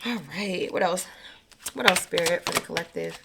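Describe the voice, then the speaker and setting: A woman giving a casual, slangy spiritual card reading, chatty and quick to laugh. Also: on the low side, vocal fry, heavy background noise. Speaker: tarot reader.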